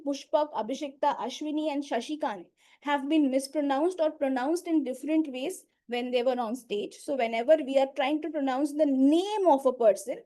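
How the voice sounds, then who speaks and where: A woman in the grammarian role giving a measured, instructive report at a speaking club meeting over a video call. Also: sits high, a little mellow. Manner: measured, instructive, pauses between items.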